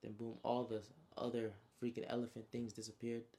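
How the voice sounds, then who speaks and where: A man's voice: mid-range voice, completely flat delivery, brisk, warm tone. A young man casually recapping his own story in heavy slang, adding spoken sound effects as he goes.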